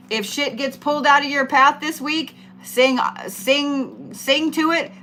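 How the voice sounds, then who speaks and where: Speaking at a moderate pace in a high, bright, pushed voice, this middle-aged woman delivers laid-back zodiac tarot readings. There's slight background noise as she cusses playfully, chats away, and gets her audience excited.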